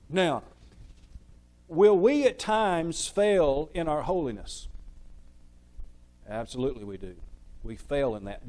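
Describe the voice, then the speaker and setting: A man's voice: on the high side, darkish tone, rough recording. A man preaching a sermon in a church, stressing key words one by one and asking the audience questions, then answering them himself.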